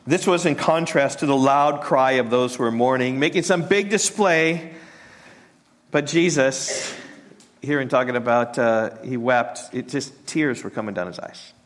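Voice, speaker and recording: A mid-range male voice preaches a sermon as pastor, halting and repeating words. On tender points he sinks to a soft hush.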